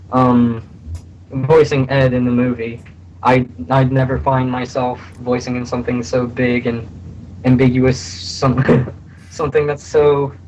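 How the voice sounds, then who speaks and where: A young man being interviewed about voice acting, talking in a halting way with many fillers, a little hoarse from being sick. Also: medium pitch, a little mellow, muffled recording, slight background noise. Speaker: voice actor guest. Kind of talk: casual interview on a voice call. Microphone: voice call.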